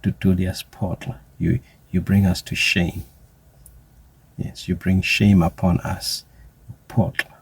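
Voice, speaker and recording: Slow, gravelly, deep man. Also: level tone. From South Africa. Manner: slow, deliberate, with drawn-out mocking asides. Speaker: commentator. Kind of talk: spoken social commentary monologue.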